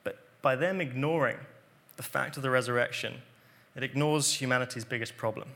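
A man preaching a sermon, explaining scripture earnestly and dropping to quiet emphasis on key points. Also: mid-range voice, fairly quick.

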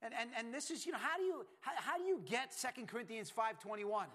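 High-voiced guy preaching, gets real quiet then loud, repeats himself a lot. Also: lively intonation, fast talker. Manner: emphatic, swings from hushed to loud, repeats words. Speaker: pastor. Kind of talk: sermon.

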